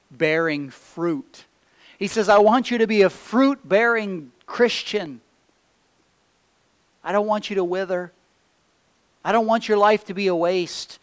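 A man preaching a sermon, reading scripture aloud and swinging between loud emphatic peaks and hushed low phrases. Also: smooth. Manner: slow, deliberate delivery reading scripture aloud.

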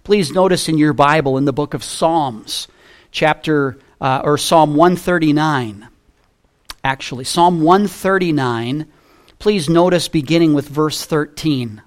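A middle-aged man preaching from the pulpit at a slow, deliberate pace. His voice sits fairly high for a man, rising into loud, emphatic repetitions and then dropping to quiet, low asides. He reads scripture in a measured, old-fashioned cadence. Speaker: pastor. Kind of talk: sermon.

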